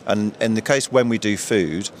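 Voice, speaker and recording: A man's voice: on the low side, moderate pace, a little hiss or hum. A man who presents live events, speaking fluently and with enthusiasm beside a show stage. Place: exhibition stage area.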